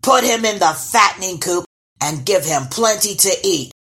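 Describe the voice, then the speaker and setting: A woman voicing a huge, greedy male troll in a storybook, booming and menacing. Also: expressive, moderate pace, faint music behind. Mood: commanding. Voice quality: loud, booming shouts.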